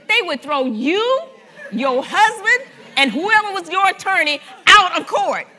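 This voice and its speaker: A woman pastor preaching a sermon in an animated, conversational way, joking with and speaking directly to her congregation. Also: very high-pitched, a little slow, some chatter behind. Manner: animated, conversational preaching with humor and audience address.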